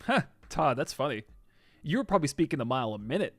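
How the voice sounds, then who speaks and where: Excitable chatty man, higher-pitched voice. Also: no room sound, faint music behind. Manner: excitable, chatty, quick swings from loud outbursts to soft asides. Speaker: streamer reading viewer chat. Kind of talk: casual live-stream chat.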